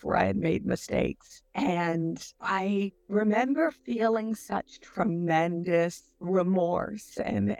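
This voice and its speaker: A middle-aged woman, telling her near-death experience in a slow, reflective, earnest way. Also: fairly low pitch, gravelly, darkish tone, no room sound. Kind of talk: personal testimony, storytelling.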